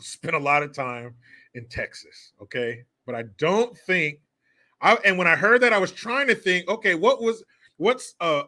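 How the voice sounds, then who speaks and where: A man hosting a casual commentary vlog in a bright, forward voice pitched a little above the usual. He talks with a sarcastic, mocking edge, swears freely and breaks into laughter often. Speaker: host.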